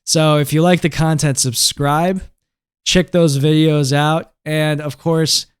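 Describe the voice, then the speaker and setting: A man's voice: on the high side, little pitch movement, takes it slowly, smooth. A man hosting a casual tech tutorial, explaining things conversationally and checking in with the viewer with "right?" and "okay?". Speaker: host.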